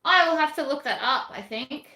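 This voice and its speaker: A chatty, blunt Australian woman hosts a sewing livestream, chatting casually while she sews and reading and answering viewer comments. Her high-pitched voice is expressive, bright, and forceful at a moderate pace, and the room is echoey.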